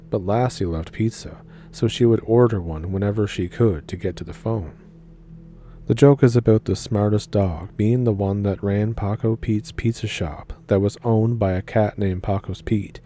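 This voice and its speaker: A man with a low, very dark, mellow voice reads a listener's tale in a dry, deadpan way. A faint hiss sits under the recording. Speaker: story narrator. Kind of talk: reading a viewer story aloud.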